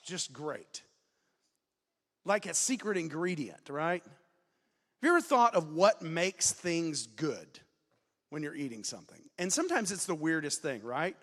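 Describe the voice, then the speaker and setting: A man in his forties, a student pastor giving a casual, self-deprecating sermon, with sudden loud emphasis. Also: fairly high pitch, big pitch swings, measured pace, long pauses, in a large hall. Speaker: student pastor, guest preacher. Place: church sanctuary.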